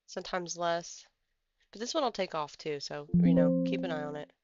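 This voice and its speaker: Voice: mid-range voice, normal speed, lo-fi sound, over loud music. A livestream host giving casual stock trading commentary, rambling and thinking aloud while pulling up charts. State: has the hiccups.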